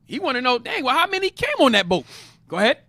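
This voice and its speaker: A Bible class teacher runs an interactive lesson in a high, animated voice that leaps across its range at a quick pace, emphatically repeating key phrases. He explains passages, restates main points, and keeps cueing his reader. The recording is dry and close, with no room sound.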